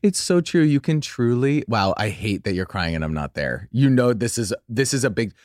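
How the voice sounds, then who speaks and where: A man's voice: normal speed, dry recording, studio quality. A man co-hosting a podcast who is effusive and gushing in casual chat, and says he is sick. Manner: effusive, gushing, swoops high when excited. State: has a cold. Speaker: podcast co-host.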